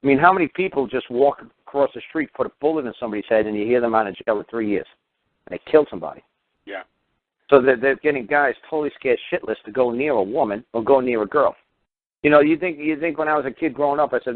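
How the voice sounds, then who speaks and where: A man's voice: medium pitch, lively intonation, fairly quick, no echo. A middle-aged man talking on a radio call-in show, ranting in a profane, emphatic, heated way. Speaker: radio talk show host. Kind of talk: casual radio talk rant. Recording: tinny phone-line radio audio.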